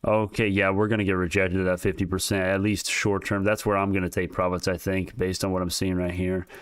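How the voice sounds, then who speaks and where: A man hosting a live stock market stream, talking casually and excitedly, rambling and speaking straight to his chat. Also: deep voice, brisk, clear, resonant tone, dry recording, studio quality. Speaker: stock market livestream host.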